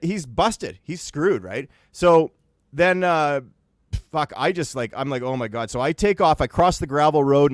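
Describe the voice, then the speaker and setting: A man's voice: fairly high pitch, no room sound, clean studio sound. Laid-back Canadian man telling a story. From Winnipeg, Canada. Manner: animated, laughing, acting out quoted friends. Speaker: podcast co-host telling a story. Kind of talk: casual storytelling on a podcast.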